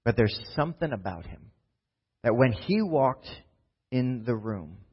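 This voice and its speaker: A male pastor delivers a sermon in a loose, conversational way, tossing in "right?" and "like" as he retells the story. His voice sits in a middle pitch, and the recording sounds slightly dull and lo-fi. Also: big pitch swings, measured pace, husky.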